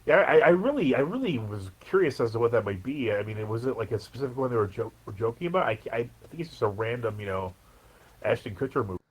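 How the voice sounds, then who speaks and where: A man co-hosting a podcast, chatting in an animated, rambling way full of fillers. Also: medium pitch, fast talker, breathy edge, rough recording. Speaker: podcast co-host. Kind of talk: casual chat recapping a TV episode.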